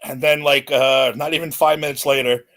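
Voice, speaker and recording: A man in his forties, a podcast guest, telling a celebrity story in an excited, animated way. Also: mid-range voice, normal speed. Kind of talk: casual storytelling.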